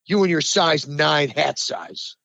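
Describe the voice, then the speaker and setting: A man from the New York area co-hosts a sports talk show, ranting hard and swearing freely. His voice sits high for a man. The recording is dry and a little muffled. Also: animated, slow, vocal fry, bright, forceful tone, dry recording. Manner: ranting, profane, emphatic, heated. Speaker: sports talk podcast co-host. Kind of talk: heated sports talk chat.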